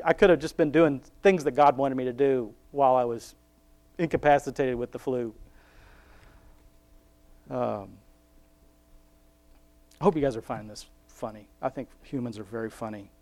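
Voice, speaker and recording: A man's voice: mid-range voice, darkish tone. A young man giving a rambling, self-mocking devotional talk, laughing often and acting out quoted voices. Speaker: Christian speaker sharing a Bible reflection.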